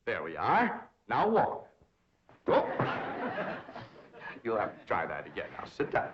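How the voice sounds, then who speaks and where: A pompous theatrical dandy. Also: male voice, fairly low pitch, huge pitch swings, slow pace, noisy background, heavily acted. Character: pompous young society dandy, lovestruck. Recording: dull old TV sound.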